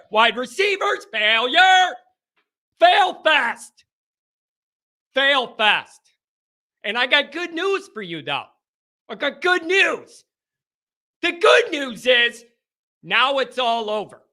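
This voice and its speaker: A man hosting a post-game football call-in show, ranting and often shouting. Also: extremely high pitch. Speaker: sports talk show host.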